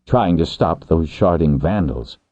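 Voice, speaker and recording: An earnest young dragonrider wing leader, tender but intense, as a male narrator plays him. His husky voice lifts and falls widely. The recording is tinny and dry. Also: low voice, animated, measured pace, darkish tone, no echo.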